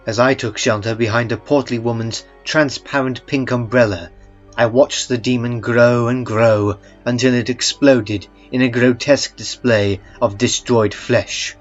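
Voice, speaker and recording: A man tells a dark first-person horror story with a calm, dry, understated delivery. His voice sits at an ordinary middle pitch. The recording is a little muffled, with faint music playing underneath. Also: a little slow. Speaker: narrator.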